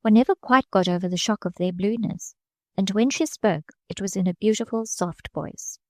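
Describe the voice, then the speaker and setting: A woman narrating a classic novel as an audiobook, reading in a measured way and lifting her voice slightly for the characters' lines. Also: no room sound, clean studio sound. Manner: measured reading, small lifts of pitch for quoted characters.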